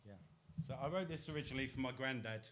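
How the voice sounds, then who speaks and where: A man reading his own poems on a podcast, soft and reflective, with halting restarts between pieces. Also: mid-range voice. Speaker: poet guest on a podcast.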